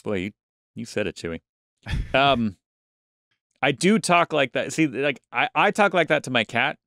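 In this casual podcast chat, a male co-host rambles and restarts often. He speaks at medium pitch and a moderate pace, with lively intonation and a pushed, bright sound captured cleanly in the studio without echo.

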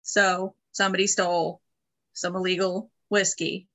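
A woman's voice: on the low side, little pitch movement, a little slow, fairly bright tone. A woman co-hosting a podcast, reading history notes and throwing in joking asides in casual chat. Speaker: podcast co-host.

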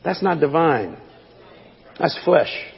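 An older man preaching a sermon, swinging between shouts and low folksy asides, with a gravelly voice. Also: big pitch swings, slow, in a large hall, highs cut off.

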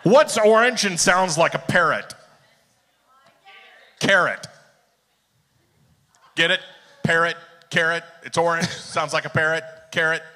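A man's voice: fairly high pitch, unhurried, long pauses, sharp tone. A man telling corny jokes at a live contest, teasing the crowd when they don't laugh. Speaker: joke contest entrant. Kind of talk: live stage joke-telling. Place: theater stage, live event. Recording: long theater hall reverb.

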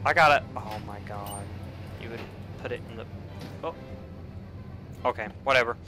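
A young man giving casual let's play commentary, with frequent profane, excitable outbursts. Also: mid-range voice, normal speed, slight background noise. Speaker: gamer.

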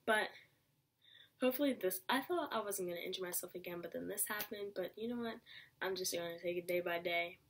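A young woman telling a casual storytime vlog, chatty and animated, acting out what people said. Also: fairly low pitch, brisk, slight background noise. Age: young adult. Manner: chatty, animated, acts out quoted lines. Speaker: vlogger.

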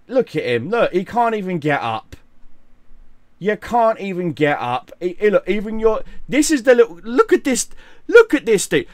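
A man giving mocking, profane commentary on a fight, scornful and animated. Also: high-pitched, no room sound. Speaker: gaming and boxing commentator.

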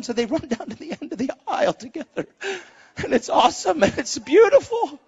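A middle-aged preacher tells a story from the pulpit, his high voice leaping from hushed murmurs to excited shouts. His tone is husky, and the recording sounds dull and muffled. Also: fairly quick, some chatter behind. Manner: animated, swings from hushed to shouting. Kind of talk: sermon storytelling.

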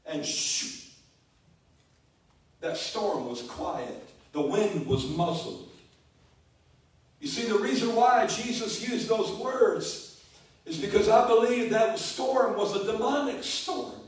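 High-voiced, slow-preaching pastor. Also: male voice, animated. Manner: emphatic, repeats key words. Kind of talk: sermon. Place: church sanctuary. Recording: echoey church, distant mic.

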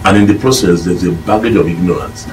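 Very low-voiced Nigerian Pidgin man, emphatic pundit, mic distant, faint noise. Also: fast, over music. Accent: Nigerian Pidgin English. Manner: emphatic, lecturing. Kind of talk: studio discussion.

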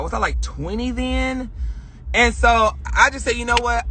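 A young woman vlogger telling a personal story in a chatty, animated way, swearing and acting out quotes. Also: a little high, measured pace. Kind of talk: casual storytelling.

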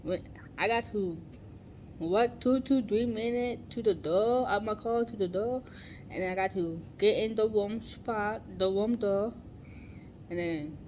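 A woman chatting casually in a daily vlog, animated and exclaiming, stretching out her words. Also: medium pitch, a little slow, lo-fi sound, a little hiss or hum. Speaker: vlogger.

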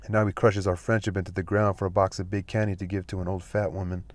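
A man's voice: low-pitched, level tone, no room sound, close to an everyday voice. A man reading the part of a scheming, easily offended paisano who grumbles and wheedles. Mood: aggrieved. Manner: indignant, wheedling, quick to take offense.

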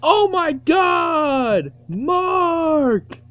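A young man voicing a whiny, hot-tempered male toy character who yells in shrill tantrums. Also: very animated, drawn-out words, heavily acted. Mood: panicked. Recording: dull lo-fi home recording.

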